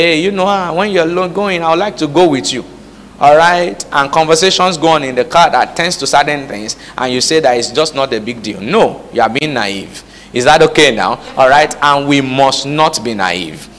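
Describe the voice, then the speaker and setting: A man preaches a sermon in a reverberant church hall, his medium-pitched voice fairly bright, with a little hiss or hum in the recording. He uses call-and-response to quiz the congregation, repeatedly asking "All right?"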